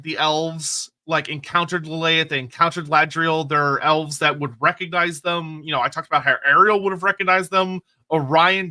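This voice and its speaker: A man co-hosting a live lore stream, chatty and quick with asides. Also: a little high, pushed and bright.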